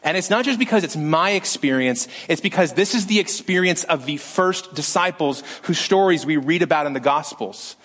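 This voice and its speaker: Animated pastor preaching a sermon. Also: male voice, on the high side, normal speed, few pauses. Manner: lively, animated delivery with acted-out quotes.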